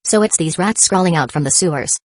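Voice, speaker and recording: A woman's voice: on the low side, lively intonation, brisk, darkish tone, dry recording, clean studio sound. Cold, scornful young ninja, read by a woman. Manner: cold and cutting.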